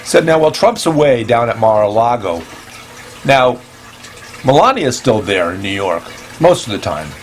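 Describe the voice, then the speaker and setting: A man hosting a casual comedy show, talking in a hesitant, playful deadpan full of ums and restarts, with sudden high-pitched exclamations. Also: normal speed, a little hiss or hum. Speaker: host. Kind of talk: casual rambling comedy monologue.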